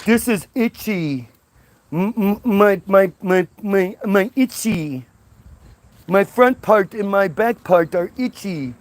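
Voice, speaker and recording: A man voicing a naive, dim first woman in a squeaky, put-on voice. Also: animated, slow, no echo. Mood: dopey.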